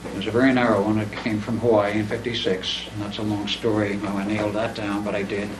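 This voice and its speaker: Speaking fast in a lowish voice, a man rambles casually through a lengthy story about himself in a living room, animatedly performing each line of dialogue. The mic is far away, the sound roomy, and faint noise hangs in the background.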